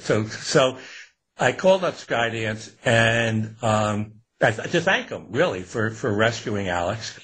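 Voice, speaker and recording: An older man with a husky voice, answering interview questions casually. He rambles and restarts, unbothered. Relaxed, easygoing delivery. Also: medium pitch, moderate pace. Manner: relaxed, rambling, laughs often. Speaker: author guest.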